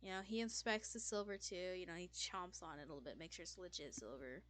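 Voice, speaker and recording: A woman's voice: lowish voice, quick pace, a bit bright. A woman narrating a tabletop game as game master, casual, with many fillers and self-corrections.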